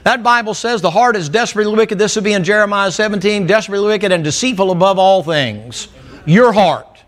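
A man's voice: sits high, a little fast, fairly bright tone. A middle-aged man preaching a sermon in church, blunt and folksy, telling stories. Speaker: pastor.

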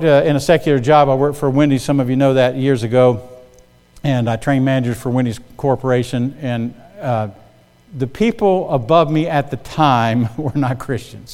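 Middle-aged male pastor, fairly high voice, storytelling sermon delivery with call-and-response, long church reverb. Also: a little mellow. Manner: storytelling preacher, asks the congregation for amens. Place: church sanctuary.

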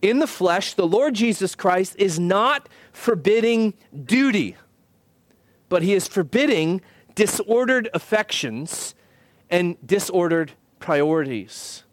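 A pastor preaching a sermon in an earnest, measured way, slowing down to stress key phrases. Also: male voice, high voice, animated, no echo. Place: church.

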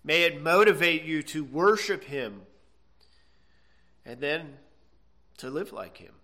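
A man preaching, his voice bright, clear and set a little high. He drives points home with slow, stretched emphasis and keeps checking in with the room, steady and earnest from start to finish. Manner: earnest, emphatic, with drawn-out stresses and "okay?" checks. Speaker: pastor. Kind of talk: sermon.

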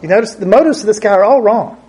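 A man's voice: sits high, fast talker, a little mellow, slightly rough. A man preaching a conversational Bible teaching, thinking aloud and often repeating his words.

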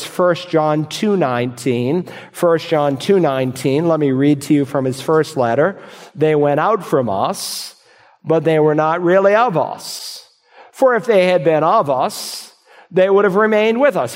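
A pastor preaching a sermon, reading scripture aloud and answering imagined objections from the congregation. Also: male voice, fairly high pitch, darkish tone, big-room sound.

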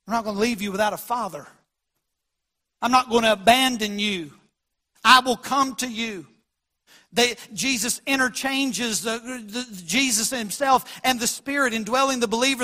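A man preaching a sermon as pastor, swinging from quiet lows to loud emphatic peaks. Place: church sanctuary.

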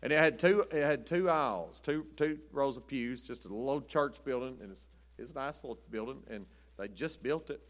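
A man's voice: medium pitch, normal speed. A man preaching a sermon in a folksy, rambling storytelling way, chuckling often. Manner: rambling, chuckling, says "but anyway" often.

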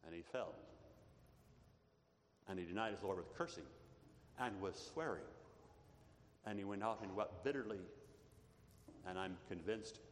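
A man's voice: low-pitched, measured pace, long pauses. Male preacher, earnest and emphatic sermon delivery, recorded in a reverberant hall with faint noise. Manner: earnest preaching with rising emphasis and repeated "beloved".

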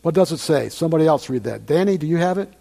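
A man's voice: a little high, expressive, quick pace, vocal fry, warm tone, slight background noise. An older man preaching a sermon to a congregation in a conversational way, repeating phrases and asking the listeners questions.

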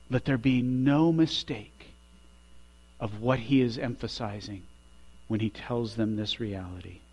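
A middle-aged man preaching a sermon as pastor, emphatic, swelling loud on key phrases and dropping low after them. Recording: dull lo-fi recording with mains hum.

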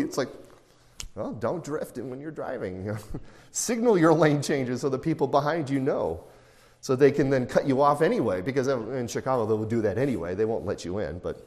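A man's voice: mid-range voice, expressive, fairly quick, a little mellow. Middle-aged male pastor in a reverberant hall. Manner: conversational, anecdotal, with asides and chuckles. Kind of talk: expository sermon. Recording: long reverb in a large hall.

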